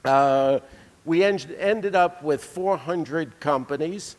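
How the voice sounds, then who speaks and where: A man's voice: fairly high pitch, slow. A man delivering a conference keynote, telling anecdotes with dry humor. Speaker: keynote speaker. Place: conference hall. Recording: reverberant lecture hall.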